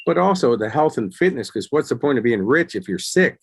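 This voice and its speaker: A man in his fifties, a guest in an interview, telling stories and acting out other people's quotes in a lively way. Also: medium pitch, brisk, slightly rough. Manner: animated storyteller acting out quotes. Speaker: guest, actor and success coach. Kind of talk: casual interview storytelling.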